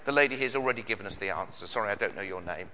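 British man, preacher, earnest sermon, bright tone, long church reverb. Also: on the low side, rapid-fire, a little hiss or hum. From Britain. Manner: earnest, repeats words often, rhetorical questions.

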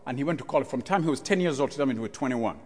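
A male pastor preaching a sermon, animated and full of rhetorical questions, acting out the voices in the story. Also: mid-range voice, very fast. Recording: long church hall reverb.

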